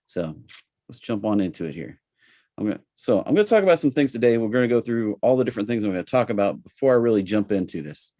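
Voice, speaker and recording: A man's voice: on the low side, fast talker, no echo, clean studio sound. Chatty Southern man hosting a webinar. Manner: relaxed, chatty, with frequent fillers. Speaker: trading webinar host. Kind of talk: casual live webinar presentation.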